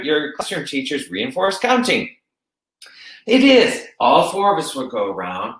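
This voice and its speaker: A male elementary music teacher talks through a classroom activity in a chatty, easygoing way and sometimes breaks into slow singing. His voice sits at an ordinary middle pitch. The sound is roomy and echoey. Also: fairly bright tone. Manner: chatty, demonstrates songs by singing them slowly. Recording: roomy echo.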